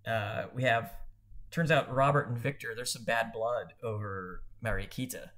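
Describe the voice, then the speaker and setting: A man's voice: medium pitch, steady tone, moderate pace, a bit bright. A man co-hosting a podcast, casually chatting about a book in a rambling, self-correcting way. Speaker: podcast co-host.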